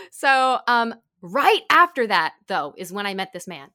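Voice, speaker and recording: A young woman telling a story in casual chat, animated and giggly, full of "like". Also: medium pitch, takes it slowly. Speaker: podcast co-host.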